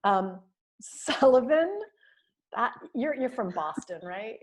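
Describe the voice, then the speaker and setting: A woman's voice: on the high side, animated, slow pace. A woman teaching a voice and diction class, giving students feedback on their monologues over a video call, praising them with many fillers and small laughs.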